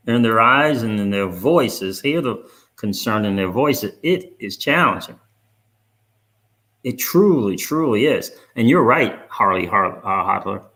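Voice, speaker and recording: A man hosting a crypto channel in casual commentary, hammering points home by repeating himself. His pitch sits in an ordinary middle range. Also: fairly bright tone. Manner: emphatic, repeats words for stress.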